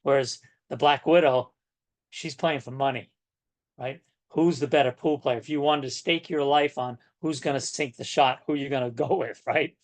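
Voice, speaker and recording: An older man in his sixties leads a coaching session for real estate agents, talking over a video call. His manner is folksy and emphatic, with a middle-pitched voice, and he keeps punching his points home with a quick "right?". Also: steady tone.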